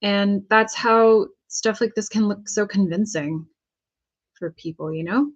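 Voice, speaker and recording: A woman's voice: mid-range voice, unhurried. An American woman casually talking herself through painting a prop, chatty and joking as she works. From United States. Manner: chatty, self-talking while working, jokey asides. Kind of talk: casual crafting vlog talk.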